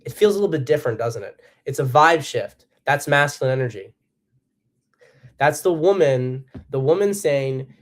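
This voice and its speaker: A man's voice: medium pitch, expressive, moderate pace. A man giving solo political commentary as host, blunt and profane, with emphatic bursts. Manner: acts out quotes in a harsh voice.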